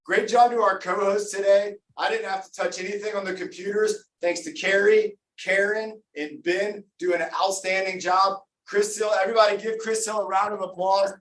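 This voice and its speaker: A man's voice: sits high, fairly even intonation, moderate pace, hardly any pauses, fairly bright tone, roomy sound, distant mic, a little hiss or hum, rough recording. A man leading a live online workout class as coach, upbeat and encouraging, calling out names and counting down reps. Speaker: fitness coach.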